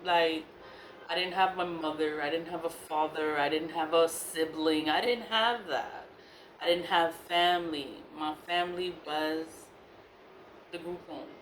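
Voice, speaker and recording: A woman telling a personal story in casual talk, animated and exasperated, repeating her phrases and laughing between lines. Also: deep voice, measured pace. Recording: echoey room with faint hiss.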